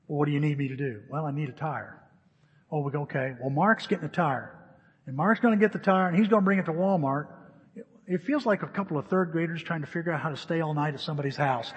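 A man preaching in a church hall, his slightly high and husky voice carrying a long reverb. He tells a story animatedly, acting out both sides of the phone calls. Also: fast, highs cut off. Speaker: pastor. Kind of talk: sermon.

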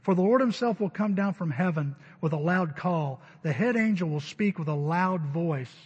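A male pastor preaching to his church, his fairly high voice turning emphatic and loud on key words. His tone is husky, and it is captured on a dull recording. A long reverb trails after each line in the sanctuary. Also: animated, moderate pace. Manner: emphatic, rising to loud stresses. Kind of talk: sermon.

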